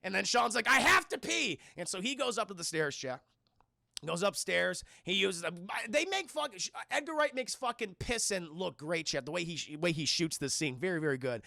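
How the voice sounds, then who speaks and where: Man, streamer, profane film recap to chat, high gravelly voice, dry close mic. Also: normal speed, no room sound. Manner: excitable, profane, keeps addressing chat; acts out character lines in shifting voices.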